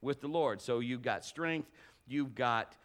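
Middle-aged male pastor, casual folksy sermon, storytelling with restarts, mid-pitched voice. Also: unhurried. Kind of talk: conversational sermon.

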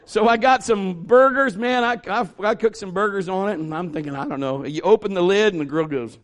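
Acting out each character's voice, a middle-aged preacher builds his sermon around a homespun, humorous tale. He speaks fairly quickly, his pitch sitting high.

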